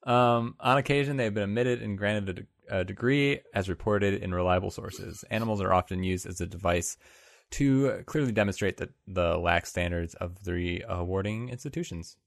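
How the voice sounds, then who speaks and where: A man with a low, gravelly voice reads a list aloud on a casual podcast, stumbling now and then. The sound is dry and close to the mic. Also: normal speed, no room sound. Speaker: podcast co-host, quiz contestant. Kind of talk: casual comedic chat.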